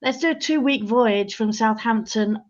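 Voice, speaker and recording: A woman, a guest on a chat show, telling her story in an earnest, measured way. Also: fairly high pitch, highs cut off. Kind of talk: casual chat.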